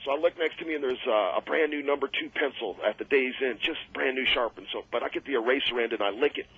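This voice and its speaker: A man telling road stories as a guest on a radio show, rambling and animated, laughing at his own tales. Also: mid-range voice, fast, breathy edge. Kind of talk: casual radio interview storytelling. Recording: muffled old radio broadcast.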